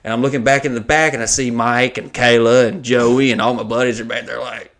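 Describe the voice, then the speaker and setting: A man's voice: medium pitch, fairly quick. Profane male comedian telling a story. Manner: profane, animated anecdote-telling. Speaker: comedian and podcast host. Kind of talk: casual storytelling chat.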